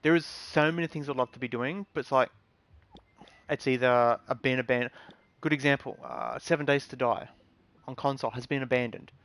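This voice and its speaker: A man's voice: mid-range voice, brisk, a bit bright, no room sound. Aggrieved rambling man, dry close mic. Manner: rambling and aggrieved, many ums and restarts. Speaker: gaming channel host. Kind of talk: casual gaming vlog rant.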